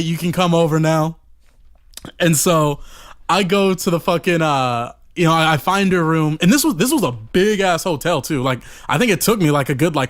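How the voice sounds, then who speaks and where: High-voiced man telling a rambling, profane story. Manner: rambling and profane, full of "you know" fillers. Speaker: podcast storyteller.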